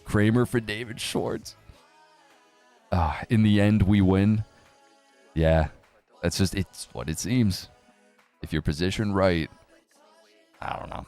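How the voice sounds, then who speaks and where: A young man hosting a crypto news live stream, rambling casually with sarcasm, swearing and quick jumps between topics. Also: deep voice, clean tone.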